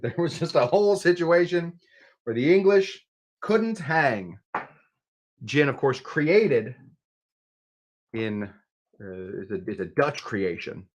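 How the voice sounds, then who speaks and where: A man hosting a casual livestream cocktail demo, chatty, with jokey asides and frequent restarts. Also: medium pitch. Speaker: bartender and show host.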